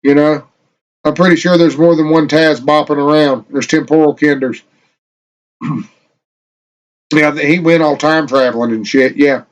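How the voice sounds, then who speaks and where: A man with a slightly high voice talks his way through setting up a live game stream. He rambles, swears freely and mutters to himself as he hunts for files and waits on loading. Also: fairly even intonation, moderate pace, long pauses, dull audio. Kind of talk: casual live-stream chat.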